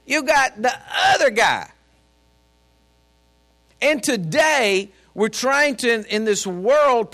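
A man's voice: high-pitched, a bit bright. A man preaching a sermon as a pastor, folksy and storytelling, speaking directly to his congregation. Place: church.

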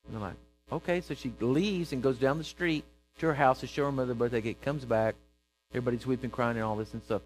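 A man preaching a sermon, telling a story and acting out its characters with bursts of loud emphasis. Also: mid-range voice, fast, soft background music, rough recording.

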